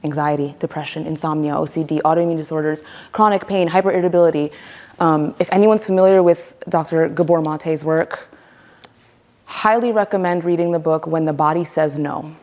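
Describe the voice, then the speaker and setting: A woman's voice: low voice, fairly even intonation, fairly quick, darkish tone. Emphatic woman teaching a voice workshop. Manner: emphatic, demonstrates voices as she explains. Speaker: workshop leader.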